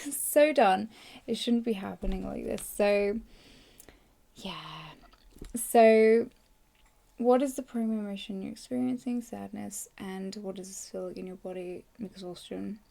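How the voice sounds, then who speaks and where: A young woman hosting a podcast, hoarse and tired, rambling through a casual live journaling session close to the mic. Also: medium pitch, steady tone, unhurried, warm tone. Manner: rambling, filler-heavy, self-deprecating. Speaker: podcast host. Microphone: close microphone.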